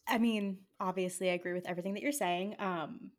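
A woman co-hosting a film podcast, talking through her views in a measured, agreeable way. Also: mid-range voice, fairly even intonation. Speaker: podcast co-host. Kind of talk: casual film review chat.

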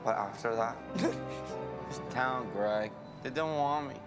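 An actor playing an eccentric man who dreams of movie stardom, speaking halting broken English. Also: medium pitch, lightly acted. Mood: grandiose. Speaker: aspiring actor in a film trailer. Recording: film trailer with loud music.

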